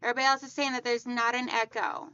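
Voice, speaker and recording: A woman hosting a casual quilting livestream, chatting warmly with viewers and greeting them by name as hon and sweetheart. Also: on the high side, flat delivery, quick pace, clear, resonant tone, no room sound, muffled recording.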